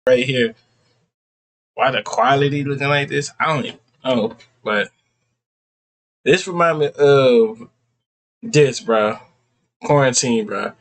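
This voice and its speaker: A man's voice: mid-range voice, unhurried, pauses often, fairly bright tone. A man hosting a reaction video, talking loosely in slang, calling listeners son and bro, and laughing often. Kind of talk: casual reaction chat.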